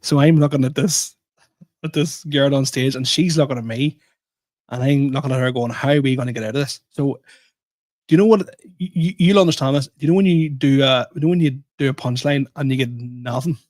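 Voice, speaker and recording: A man's voice: medium pitch, fairly quick, no room sound. A man co-hosting a podcast, telling a story in casual chat and poking fun at himself. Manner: animated, self-mocking storyteller. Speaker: podcast co-host.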